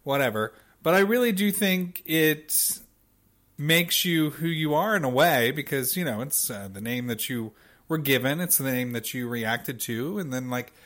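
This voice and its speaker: A man co-hosting a casual podcast who gives his opinions haltingly, with many fillers and restarts. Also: medium pitch, a bit bright. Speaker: podcast co-host. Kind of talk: casual chat.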